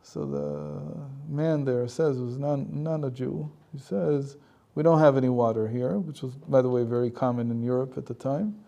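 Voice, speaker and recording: A man's voice: mid-range voice, fairly even intonation, moderate pace, gravelly, hardly any pauses, dark tone, highs cut off. A man, a rabbi and teacher, telling a story in a conversational lecture with frequent chuckles.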